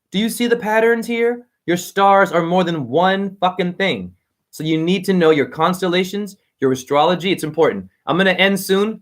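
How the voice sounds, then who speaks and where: Guy ranting on a livestream, kinda high pitched, cursing and preaching, jumps topic to topic. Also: fairly bright tone. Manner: rambling, profane, preachy. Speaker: spiritual vlogger reading viewer comments. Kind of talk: rambling livestream monologue.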